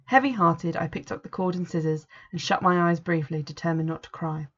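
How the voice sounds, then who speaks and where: A woman narrating a first-person story in a measured, earnest way, on a dull lo-fi recording. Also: on the low side, fairly even intonation.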